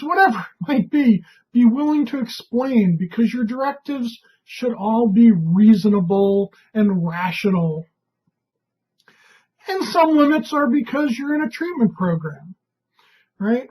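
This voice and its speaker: A woman with a fairly high, husky voice leads a training session. She speaks calmly and conversationally, often pausing to ask "right?" as she explains. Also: poor audio. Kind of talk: instructional talk.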